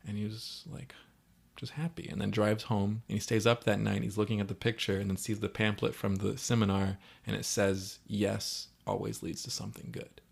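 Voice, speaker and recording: A man co-hosting a podcast, casually recapping a movie and acting out characters' lines in quick quoted voices. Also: on the low side, level tone, gravelly. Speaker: podcast co-host.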